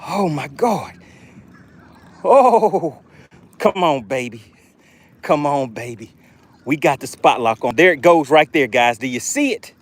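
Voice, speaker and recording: A man hosting a live fishing stream from a boat outdoors, excitably narrating his catch and reading chat aloud. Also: fairly high pitch, takes it slowly, long pauses. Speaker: fishing livestream host.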